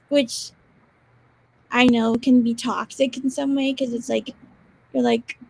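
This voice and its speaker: Brief: young woman co-host, gravelly fry, unsure and halting. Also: a little high, darkish tone, low-quality recording. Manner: hesitant, self-doubting, trailing off. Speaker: podcast co-host. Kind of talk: heartfelt casual chat.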